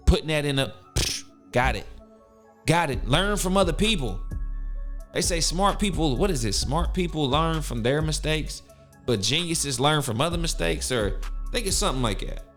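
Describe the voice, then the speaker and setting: A man's voice: on the high side, lively intonation, normal speed, fairly bright tone, faint music behind. A man hosting a podcast, giving a hyped-up, preachy motivational talk full of cussing. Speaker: podcast host.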